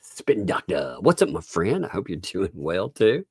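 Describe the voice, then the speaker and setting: Low gravelly man. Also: wildly swooping pitch, normal speed, dry recording. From Oklahoma. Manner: rambling, chuckles often, thanks viewers. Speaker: livestream host. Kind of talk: casual live stream chat.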